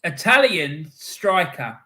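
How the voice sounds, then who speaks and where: A man's voice: fairly high pitch, very animated, slow pace, bright, forceful tone. A man hosting a casual football podcast interview, chatty and agreeable as he asks questions.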